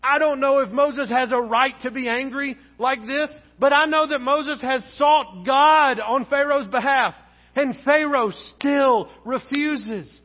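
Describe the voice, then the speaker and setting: A male pastor preaching a sermon in a church, speaking in an animated way and acting out the lines of the people in his story. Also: extremely high pitch, measured pace. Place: church sanctuary. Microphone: wearing a face mask. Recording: dull sound with long hall reverb.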